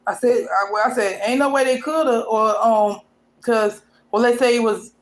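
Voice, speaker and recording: A woman with a somewhat high-pitched voice tells a painful personal story straight to her viewers. She talks in a loose, colloquial way, full of restarts and asides. Her telling stays emotional throughout. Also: moderate pace. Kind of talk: casual storytelling.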